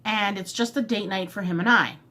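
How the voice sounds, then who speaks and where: Speaking briskly in a mid-range voice, a woman vlogger tells a long, casual story over a meal. She's animated and talkative, frequently performing her own lines and other people's.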